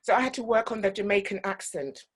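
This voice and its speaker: A woman's voice: medium pitch, fast, slightly rough. Woman telling stories in a talk. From Guyana. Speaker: actor giving a talk. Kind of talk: personal storytelling talk.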